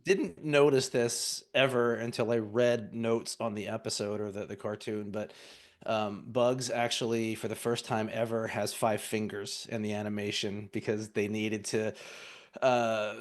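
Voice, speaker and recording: A man co-hosting a casual chat, speaking in a measured way with frequent umms. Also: fairly low pitch, fairly even intonation. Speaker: co-host.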